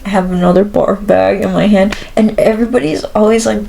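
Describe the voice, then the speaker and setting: A young woman chats casually as a podcast co-host, spinning a story with giggles, fillers and restarts. Her voice sits at an ordinary pitch for a woman. A faint hiss runs under the recording. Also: steady tone, brisk, creaky, mellow, low-quality recording. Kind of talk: casual chat.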